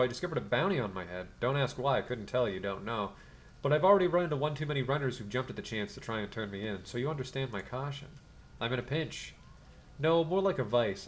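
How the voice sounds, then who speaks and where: A man's voice: mid-range voice, slight background noise, natural voice. Guy reading as a nervous hunted shaman, earnest, kinda pleading. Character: wary hunted man shaman on the run.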